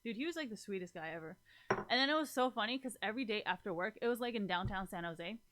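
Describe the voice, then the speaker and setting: Against a noisy background, a young woman talks to her stream's viewers in a rambling, casual chat full of fillers, cursing, and lots of laughs. Her mid-range voice is animated and quick.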